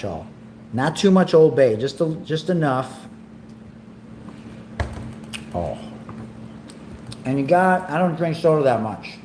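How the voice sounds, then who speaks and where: A man talks slowly and unhurriedly, hosting a casual cooking livestream from home. He rambles in a relaxed way and gushes about the food. His voice echoes off the room, with faint ambient noise behind it. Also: mid-range voice. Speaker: livestream host.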